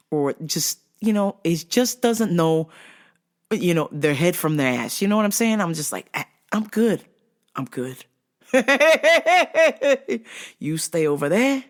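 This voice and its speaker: Woman host, casual storyteller, profane, laughs often. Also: low-pitched. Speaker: vlog host.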